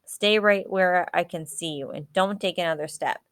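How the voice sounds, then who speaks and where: A woman's voice: lowish voice, normal speed, a bit bright. A woman voicing an impatient young boy who leads his friends and speaks sternly, reading a storybook. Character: bossy young boy, the worried leader.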